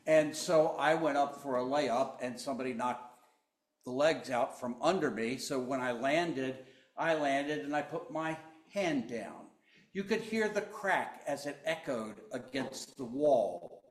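A male pastor delivers a sermon at an unhurried, deliberate pace. His delivery swings from forceful emphasis to hushed near-whispers. The sound is roomy, with noticeable echo. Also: mid-range voice.

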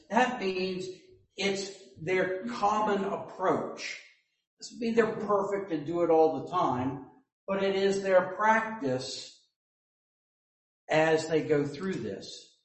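Slow-preaching man in an echoey hall. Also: high voice. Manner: slow, deliberate preaching with joking asides. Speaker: pastor. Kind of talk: sermon. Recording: echoey hall, mic at a distance.

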